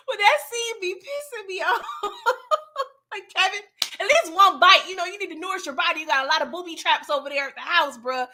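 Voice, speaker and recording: A woman hosting a casual late-night livestream, reading chat comments aloud, animated and laughing often, with a slangy, playful manner. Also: extremely high pitch, moderate pace, pauses often.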